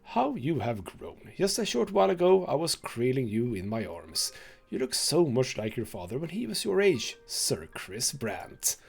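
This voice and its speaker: A man's voice: mid-range voice, big pitch swings, moderate pace, gravelly, slightly rough, faint music behind, exaggerated voice. Man reading as a frail, tender mother.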